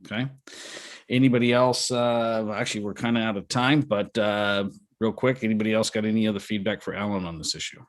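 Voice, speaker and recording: A man's voice: fairly low pitch, fairly even intonation, a little fast, dry recording. A man hosting a business mastermind call, giving folksy, encouraging advice with many fillers and restarts. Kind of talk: casual coaching talk.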